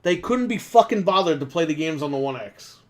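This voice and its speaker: Man, gaming podcast co-host, fairly high voice, heated profane rant, desk mic. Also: animated, fairly quick. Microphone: desk microphone.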